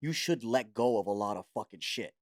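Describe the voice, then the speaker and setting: A man on a comedy talk show, telling animated stories full of swearing and acted-out voices, recorded on a studio mic. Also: on the low side, fairly quick. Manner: animated storyteller, swears a lot, acts out voices. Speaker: commentator. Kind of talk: casual comedy chat.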